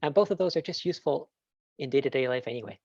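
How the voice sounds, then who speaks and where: A man's voice: medium pitch, lively intonation, fast, darkish tone, dry recording, dull audio. A man answering questions in a talk, enthusiastic and rambling with fillers, heard over a video call. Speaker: guest speaker. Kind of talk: casual Q&A answer.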